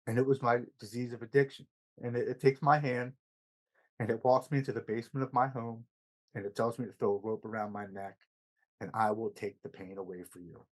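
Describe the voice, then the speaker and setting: A man's voice: mid-range voice, steady tone, brisk, low-quality recording. A man, a podcast guest, recounting his recovery story in an earnest, emotional way, stammering over words at times.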